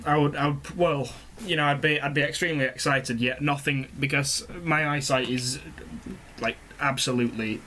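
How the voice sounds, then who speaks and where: A man's voice: mid-range voice, fairly even intonation, normal speed, sharp tone. A young man co-hosting a podcast in casual chat, talking in an earnest, rambling and hesitant way. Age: young adult. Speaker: podcast co-host.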